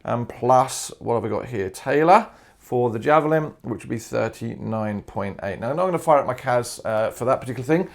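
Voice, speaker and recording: A man's voice: medium pitch, lively intonation, fairly quick, gravelly. An Australian man, a maths teacher, chattily talking himself through exam solutions step by step with informal asides. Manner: casual asides and fillers like "all right" and "uh". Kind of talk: worked exam solutions, thinking aloud.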